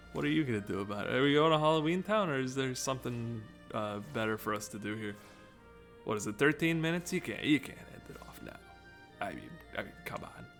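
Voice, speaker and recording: A man's voice: mid-range voice, lively intonation, a little fast, a bit bright, faint music behind. A man giving casual let's-play commentary, rambling, joking and breaking off his own sentences. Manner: rambling, joking, self-interrupting. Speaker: gaming video commentator.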